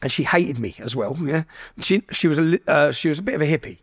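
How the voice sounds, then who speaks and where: A man's voice: a little high, fast talker, breathy edge. A man from England, a podcast guest telling a story casually, with lots of swearing and quoted dialogue. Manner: heavy swearing, animated retelling with quoted dialogue.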